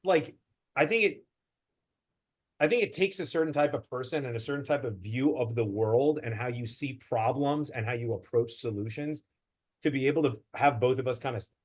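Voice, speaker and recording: A man, a fitness coach, hosting a relaxed interview and swearing casually. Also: medium pitch, normal speed.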